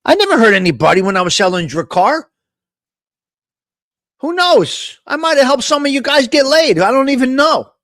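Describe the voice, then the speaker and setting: A man's voice: very high voice, big pitch swings, normal speed, a bit bright, dry recording. A middle-aged man with a New York-area accent hosting a live morning talk stream, rambling through crude, joking banter. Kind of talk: casual live-stream chat.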